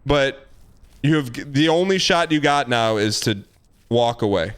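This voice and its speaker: A man's voice: medium pitch, lively intonation, unhurried, a bit bright. A man streaming live and giving blunt, emphatic dating advice in casual chat, repeating himself for emphasis. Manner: emphatic, repetitive, blunt, acts out quoted lines.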